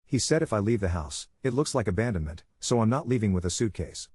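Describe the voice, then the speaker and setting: A man reading a first-person story aloud in a steady, measured narrating style. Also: lowish voice, breathy edge, no echo, studio quality.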